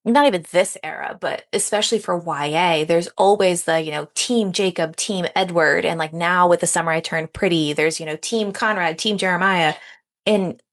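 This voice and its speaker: Young woman, slightly low pitch, eager chatty talk, lots of fillers. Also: normal speed. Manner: chatty and enthusiastic, many fillers. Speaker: podcast co-host. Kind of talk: casual conversation.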